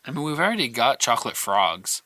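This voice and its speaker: Bright-voiced man in casual podcast chat. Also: medium pitch, big pitch swings, brisk, no echo. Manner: rambling, stacks up questions. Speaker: podcast co-host.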